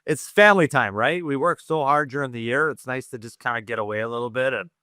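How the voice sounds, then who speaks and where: Bright, crisp-voiced man joking around. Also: mid-range voice, fast talker, no echo, clean studio sound. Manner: joking, laughs often, self-mocking. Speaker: guest hockey analyst. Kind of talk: casual podcast chat.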